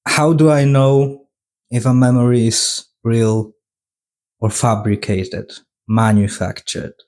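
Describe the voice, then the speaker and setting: Brief: flat, unemotional male replicant detective, reviewer's own voice. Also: medium pitch, slow.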